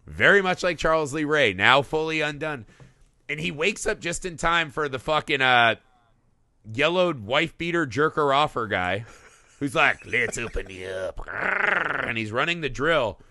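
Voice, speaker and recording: A man co-hosting a film podcast, talking casually and profanely, slipping into quick character voices. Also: on the high side, animated, pushed and bright, dry recording. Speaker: podcast co-host.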